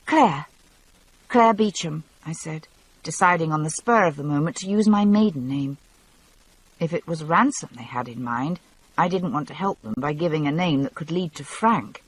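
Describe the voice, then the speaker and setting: Husky-voiced woman narrating an audiobook. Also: sits low, dry recording, poor audio. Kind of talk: first-person novel narration.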